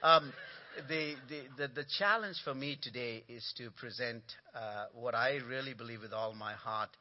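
Male guest preacher, animated sermon with call-and-response, mid pitch, muffled lo-fi audio. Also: moderate pace. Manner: animated storytelling with punchlines and congregation call-and-response. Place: church sanctuary.

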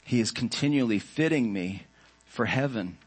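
A male pastor delivering a sermon in a mid-pitched voice. He speaks earnestly and reflectively, with measured, unhurried phrasing. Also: lively intonation, husky.

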